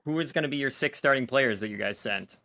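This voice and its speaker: A man's voice: mid-range voice, fast, pushed and bright. A man running a tabletop game as dungeon master, narrating scenes loosely with many fillers.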